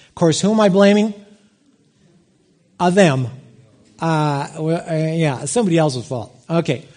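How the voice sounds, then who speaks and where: A middle-aged man preaching a sermon, telling a personal story with lively swings in his voice. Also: normal speed, pauses often. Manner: animated storytelling, big swings in pitch.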